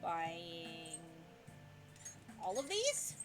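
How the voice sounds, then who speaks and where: A woman's voice: lowish voice, wildly swooping pitch, drawn-out words, music in the background. A woman giving casual, chatty gameplay commentary, often stopping to correct herself. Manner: chatty, self-correcting, laughs easily. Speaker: let's play host.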